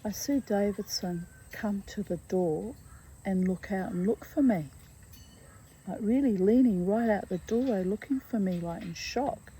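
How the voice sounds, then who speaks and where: A middle-aged woman reading aloud from her own memoir, reflective and halting, with frequent asides. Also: medium pitch, warm tone, husky, low-quality recording. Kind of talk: personal storytelling read aloud.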